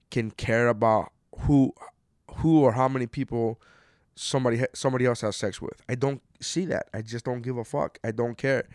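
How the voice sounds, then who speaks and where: A man in his thirties ranting casually, cursing often and swinging from low mutters to loud outbursts. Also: clean tone, no room sound, clean studio sound. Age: 30s. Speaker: commentator reading an article. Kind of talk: casual rant.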